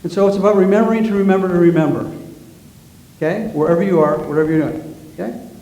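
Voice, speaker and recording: Man, sermon, conversational preaching, asks the congregation questions, warm tone, roomy church sound. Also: high voice, fast. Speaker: guest minister and author. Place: church sanctuary. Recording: roomy church sanctuary, faint noise.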